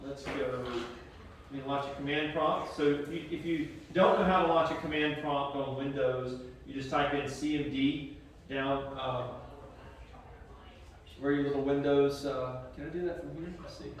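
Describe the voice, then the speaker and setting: A man's voice: mid-range voice, fairly even intonation, unhurried, far from the mic. Male teacher lecturing in echoey classroom. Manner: casual and conversational, with many fillers. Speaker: computer science teacher.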